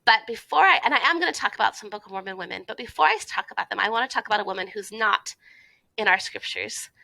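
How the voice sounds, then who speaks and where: A woman's voice: mid-range voice, lively intonation, fast, creaky, pushed and bright, no room sound, poor audio. A woman giving an informal recorded talk to a youth conference, chatty, with frequent fillers and asides.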